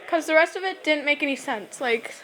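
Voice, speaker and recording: Talking fast and brightly with lively intonation, a teen girl rambles into the camera on her shelf at home, sprinkling in "like" and giggles. Her voice is high, and the audio is rough.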